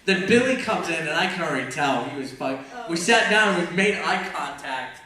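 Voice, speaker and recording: A man's voice: a little high, expressive, moderate pace, pushed and bright. Profane man in an echoey hall. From Texas. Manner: profane, laughing often. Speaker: convention panel host. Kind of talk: casual storytelling on a panel. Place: convention hall before an audience. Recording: echoey hall, mic far off, crowd.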